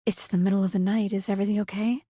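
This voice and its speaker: A woman's voice: medium pitch, level tone, very fast, mellow, dry recording, clean studio sound, pitched above the performer's own voice, close to an everyday voice. A woman voicing a frightened young heroine who asks raised, anxious questions in an audiobook.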